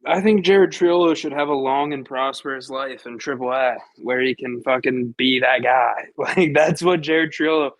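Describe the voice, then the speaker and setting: A man's voice: medium pitch, steady tone, moderate pace, few pauses, low-quality recording. A man with a Pittsburgh accent co-hosting a sports podcast, telling profane, joking stories. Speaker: podcast co-host. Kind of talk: casual sports chat.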